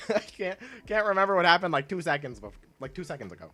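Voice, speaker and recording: A man's voice: high-pitched, very animated, fast, sharp tone. A young man chatting casually while streaming a video game, rambling with lots of fillers and laughing often. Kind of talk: casual gameplay stream chat.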